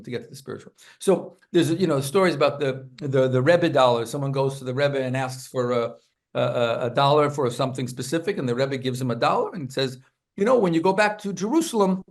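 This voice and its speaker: Gravelly, animated storytelling rabbi. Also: male voice, medium pitch. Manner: animated, acts out characters in his stories. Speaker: rabbi and author, interview guest. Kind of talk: anecdotal storytelling in an interview.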